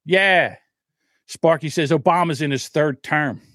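A man's voice: a little high, unhurried, a bit bright, dry recording, studio quality. A man co-hosting a podcast, ranting heatedly and swearing often in casual chat. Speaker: podcast co-host.

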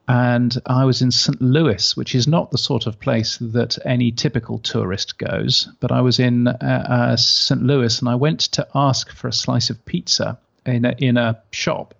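A British man with a gravelly, creaky edge to his voice chats through an interview, circling back on his words and leaning on "you know" as he thinks. His sound arrives over a dull, lo-fi remote line. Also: mid-range voice, flat delivery, measured pace. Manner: hesitant, many restarts and "you know"s. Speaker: podcasting industry guest. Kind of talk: conversational interview.

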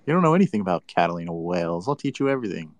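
A man's voice: deep voice, big pitch swings, rapid-fire. A man talking crypto in a casual chat, combative and teasing with mock annoyance. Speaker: crypto commentator.

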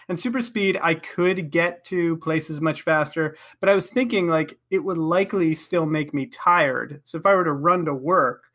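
Casual podcast host, mid-pitch, chatty and self-mocking. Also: fairly bright tone. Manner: chatty, laughs often, many fillers. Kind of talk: casual group chat.

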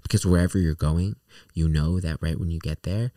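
A man's voice: sits low, fairly quick, dark tone, no room sound, clean studio sound, distant mic. A young man in casual chat, rambling and laughing as he tells a story. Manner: rambling, laughing, restarts a lot.

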